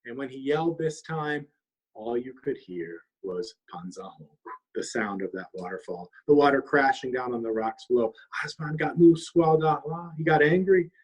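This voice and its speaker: A man telling a traditional trickster story aloud, lively and weaving in Abenaki words. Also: medium pitch, normal speed, husky, poor audio. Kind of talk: oral storytelling. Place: longhouse.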